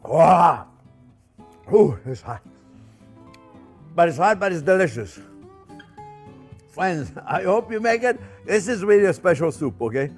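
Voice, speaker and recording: A man hosting a cooking show, chatty and animated, laughing often and repeating words as he demonstrates a recipe. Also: fairly high pitch, measured pace, long pauses, husky, soft background music.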